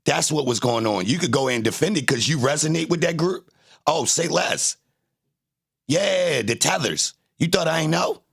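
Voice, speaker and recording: A man's voice: fairly high pitch, animated, moderate pace, gravelly, a bit bright, slightly rough. A man livestreaming, arguing with his chat in a confrontational, taunting way and repeating his jabs. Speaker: livestreamer reacting to trial footage. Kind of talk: casual live-stream commentary, arguing with chat.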